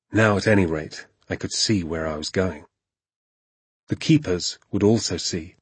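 A man narrating a storybook in a hushed, suspenseful manner. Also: fairly low pitch, husky, no room sound.

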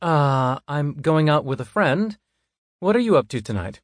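A man voicing a young female hospital director in a bright, lilting manner. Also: fairly high pitch, sing-song, a little slow, no room sound, clean studio sound, voice pushed up. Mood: warm. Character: young woman hospital director, friendly, eager.

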